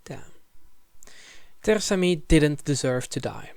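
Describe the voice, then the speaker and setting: Guy doing a scripted language explainer, kinda high pitched, jokey asides, no room echo. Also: lively intonation, moderate pace, studio quality. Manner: wry, casual asides with sudden emphatic jumps. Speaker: language video creator. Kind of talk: scripted educational narration.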